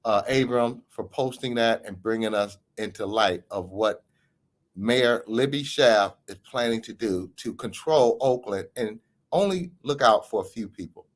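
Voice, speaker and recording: A man hosting a podcast and giving emphatic, theatrical political commentary. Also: unhurried. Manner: emphatic, theatrical delivery with big pitch swings. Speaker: podcast host.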